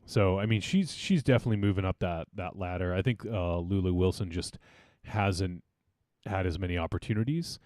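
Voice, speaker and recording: Podcast host, male, deep, casual rambly chatter, dry mic. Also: normal speed, a little mellow, no echo. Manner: rambling, many fillers and restarts. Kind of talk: casual film discussion.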